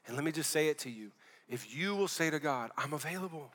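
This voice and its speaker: A man's voice: a little high, animated, a little fast, fairly bright tone, big-room sound. A man preaching a sermon as pastor, fervent and conversational, dropping casual slang as he talks.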